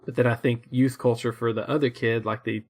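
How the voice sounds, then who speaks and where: A man's voice: medium pitch, little pitch movement, fairly quick. Laughing, rambling young man. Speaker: co-host. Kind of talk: casual chat reviewing shows.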